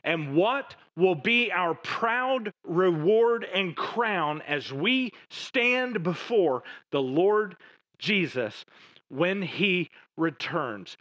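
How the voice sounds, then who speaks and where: A man preaching a sermon, moving between raised emphatic lines and hushed, low passages. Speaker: pastor.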